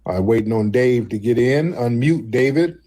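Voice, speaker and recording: A man hosts a live call-in stream, coaxing callers onto the line and poking fun at an angry one. His voice is husky and sits at a middle pitch. He repeats himself a lot while he waits for callers to join. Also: lively intonation, moderate pace, warm tone. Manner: mocking, repeats prompts. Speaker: host.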